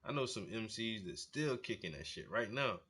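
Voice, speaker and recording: A man from South Carolina, hosting a casual music reaction and hyping up an artist in slangy, excitable talk. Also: lowish voice, normal speed, husky.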